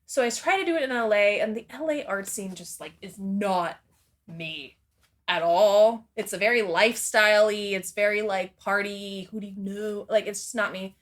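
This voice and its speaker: A woman's voice: mid-range voice, moderate pace. A woman speaking as a guest in a casual interview, rambling and candid, swearing freely and laughing often between her thoughts.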